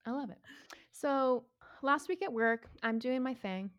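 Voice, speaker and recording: A woman in her thirties telling a story in casual chat, animated, swearing freely and laughing often. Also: high-pitched, a little slow. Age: 30s.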